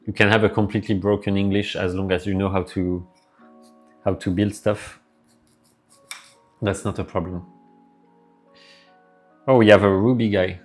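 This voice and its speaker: A man's voice: sits low, level tone, moderate pace, long pauses, soft background music. A man with a French accent, live streaming and chatting casually with his viewers, rambling as he answers their messages aloud.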